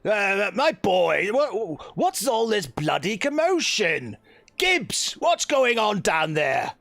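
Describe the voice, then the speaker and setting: A blustering, gruff ship captain, voiced by a man, pitched up above a normal speaking voice. He swears freely and sounds loud and put-upon. The sound is dry and close. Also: sing-song, takes it slowly, no echo, full character voice. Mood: irritated.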